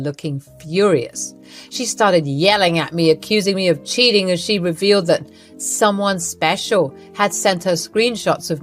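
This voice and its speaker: Woman narrating a family story. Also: fairly low pitch. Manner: amused, conspiratorial. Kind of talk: scripted first-person story narration.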